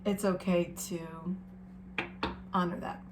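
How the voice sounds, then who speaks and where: A woman giving an encouraging spiritual card reading to her viewers, gentle and sometimes emotional. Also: on the low side, level tone, slow pace, noisy background. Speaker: tarot reader.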